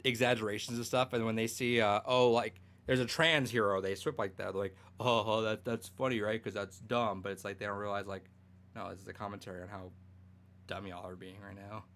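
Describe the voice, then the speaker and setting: A man's voice: on the low side, fairly even intonation, brisk, fairly bright tone. A young man co-hosting a podcast in casual chat, rambling with many fillers, restarts and swearing. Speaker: podcast co-host.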